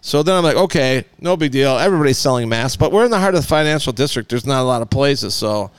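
Talk-show co-host, male, loose rambling storyteller with a lively, swinging delivery and a clear, resonant voice recorded dry and close. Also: mid-range voice, fast, no room sound. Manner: rambling, animated, acts out voices in his stories. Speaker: podcast co-host. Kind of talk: casual storytelling chat.

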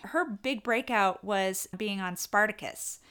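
A woman's voice: medium pitch, slow, a bit bright, clear, resonant tone. A woman co-hosting a podcast in casual chat, chatty and reading out actor bios. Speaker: podcast co-host.

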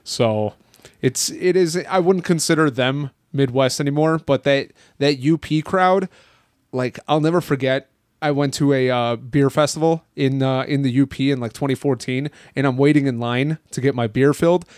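A man's voice: medium pitch, moderate pace, darkish tone, no echo, clean studio sound. A man chatting casually on a podcast, agreeing often and chiming in with short replies. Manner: chatty, agreeable, with frequent backchannels.

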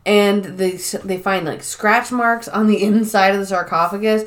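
Young woman co-host, animated and profane, chatty film-recap delivery. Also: medium pitch, moderate pace. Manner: animated storytelling, heavy swearing. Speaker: podcast co-host. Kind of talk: casual chat recapping a film.

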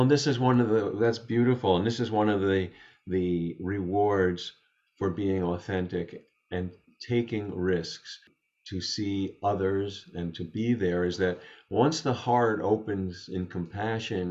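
Low-voiced man, gentle and reflective. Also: steady tone, a little slow, highs cut off. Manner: gentle, thoughtful, with frequent restarts. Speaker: interview guest. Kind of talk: reflective storytelling in conversation. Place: home study.

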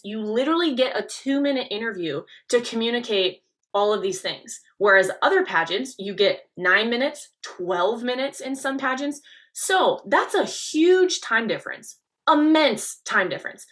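A young woman hosts a coaching podcast and leans into every point with lively, emphatic stresses. Her voice is bright and forceful, with a mid-range pitch. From Nebraska. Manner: energetic, leaning-in delivery with emphatic stresses. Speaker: podcast host and pageant coach.

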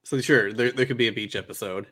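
A man in casual chat, relaxed and agreeable, rambling through ideas with fillers. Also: lowish voice, fast, slightly rough. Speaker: co-host brainstorming an anime.

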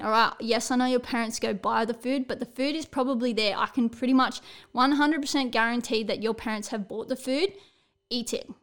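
A woman coach talks straight to camera in a blunt, no-nonsense way, dropping casual swears. Her voice sits a little high and comes through smooth and clear. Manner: blunt and direct, swears casually, keeps checking in with "all right?". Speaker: sports coach. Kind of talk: motivational talk to camera.

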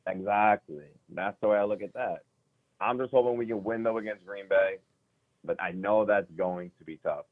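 A man's voice: lowish voice, normal speed. A man calling in to a casual sports chat, rambling in loose slang. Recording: tinny phone-like line.

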